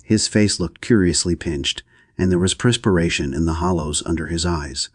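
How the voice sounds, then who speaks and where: Low raspy guy reading an old novel out loud, dry close sound, steady and even. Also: normal speed, dry recording. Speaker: audiobook narrator. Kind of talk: audiobook reading.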